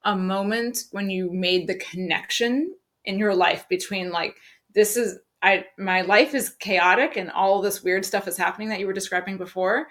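A woman's voice: medium pitch, a bit bright. A woman hosting an interview and asking long, searching questions full of "like" fillers. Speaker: podcast host. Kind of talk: interview conversation.

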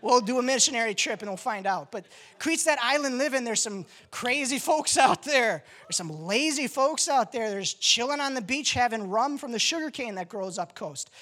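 Woman preacher, relaxed and jokey with her congregation, lightly high-pitched and lively. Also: normal speed. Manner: animated, joking, talkative. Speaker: pastor. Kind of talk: casual sermon.

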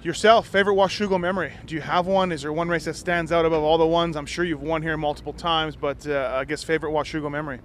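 A man's voice: a little high, steady tone, fast, hardly any pauses, fairly bright tone, slight background noise. A man interviewing racers in a chatty, easygoing way outdoors at a race track. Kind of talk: casual post-race interview.

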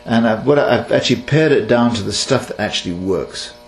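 A man's voice: medium pitch, fairly quick. Man from Kenya telling animal stories. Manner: animated, laughing, acts out dialogue. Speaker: animal handler guest. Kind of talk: casual interview storytelling. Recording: echoey room with mains hum.

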